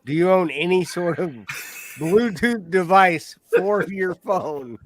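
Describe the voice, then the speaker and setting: A man's voice: sits high, slow pace. A man co-hosting a casual podcast chat, blunt and swearing freely, laughing often. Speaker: podcast co-host. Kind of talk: casual banter.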